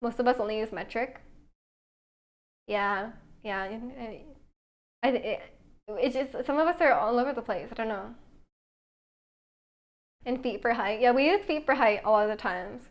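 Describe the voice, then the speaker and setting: A woman's voice: fairly high pitch, measured pace, long pauses. A young woman streaming from her home kitchen while baking, chatting casually with viewers, reading their messages aloud and using a lot of "like" as filler. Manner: chatty, reads chat aloud, many "like" fillers.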